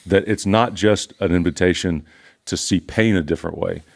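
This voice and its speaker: A man's voice: low-pitched, normal speed, creaky. An older man, a pastor, teaching from scripture in an earnest, emphatic conversational way. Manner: earnest, emphatic, repeats phrases for stress.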